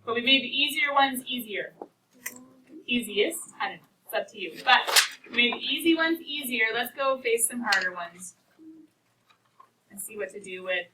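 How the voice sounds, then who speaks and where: A woman's voice: on the high side, animated, normal speed, pauses often. A woman teaching a precalculus class, encouraging and playful, talking about equations as if they were people. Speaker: math teacher. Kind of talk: classroom lecture. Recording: distant mic with faint noise.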